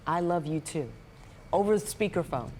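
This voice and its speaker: A woman's voice: on the low side, animated, moderate pace, a little mellow, long reverb tail, slight background noise. A female news anchor giving live commentary, with a hesitant delivery full of fillers.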